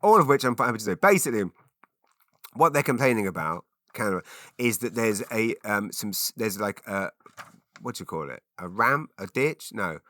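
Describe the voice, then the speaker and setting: A man rambles through a solo podcast, making self-mocking asides and restarting his sentences. His voice is bright and forceful, recorded close and dry with no room sound. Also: lowish voice, lively intonation, normal speed, dry recording. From Britain. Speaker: podcast host. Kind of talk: casual solo podcast monologue.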